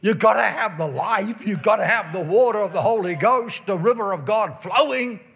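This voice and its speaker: A man with a high voice delivers a revival sermon. He stretches out key words, rises into shouts and slips into a sing-song cadence as he reads verses aloud. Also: vocal fry. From Ireland. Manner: emphatic, drawn-out stresses, bursts of shouting and sing-song phrasing. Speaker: preacher.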